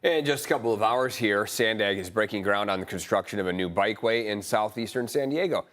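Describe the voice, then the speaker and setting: A male morning news anchor with an American accent, reading stories in a measured, even way. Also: on the low side.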